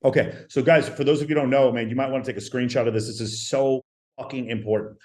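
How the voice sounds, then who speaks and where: A man's voice: medium pitch, fairly even intonation, quick pace, a little mellow. A man hosting a podcast, talking emphatically to his viewers, repeating his points and swearing. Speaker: podcast host. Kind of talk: animated podcast monologue to viewers.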